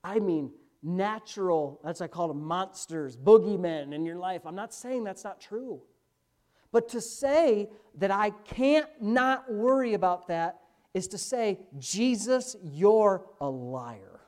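Man, pastor, sermon, animated pitch, emphatic, quick asides, loud drawn-out stresses.

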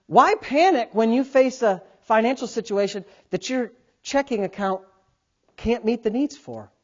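A man preaching a sermon as pastor, swinging between loud bursts and quiet asides. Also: extremely high pitch, expressive, unhurried. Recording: dull lo-fi sound.

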